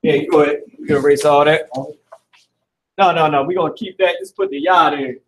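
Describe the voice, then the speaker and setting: A man with a notably high voice leads a live class from the front of an indoor classroom. He talks in a loose, slangy way, swears freely and circles back over his words. A faint hiss sits under the speech. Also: steady tone, moderate pace, fairly bright tone, low-quality recording. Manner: loose, slangy, profane, repeats himself. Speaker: Hebrew class instructor.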